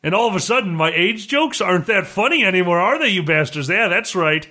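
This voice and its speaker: A man with a high, bright, tense voice trades crude jokes in rapid comic banter. His delivery is brash, and he laughs as he riffs. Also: animated. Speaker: podcast co-host.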